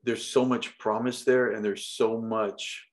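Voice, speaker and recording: A middle-aged man appears as a podcast guest, speaking in a level, low-leaning voice at an unhurried pace. He talks casually and rambles, full of fillers and restarts, with the occasional swear word.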